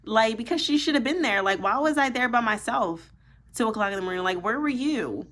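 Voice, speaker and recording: A young adult woman telling a personal story to camera, animated and profane, peppered with "like". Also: on the high side, fairly quick. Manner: animated, profane, emphatic, heavy use of "like". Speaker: vlogger. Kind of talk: casual storytime monologue.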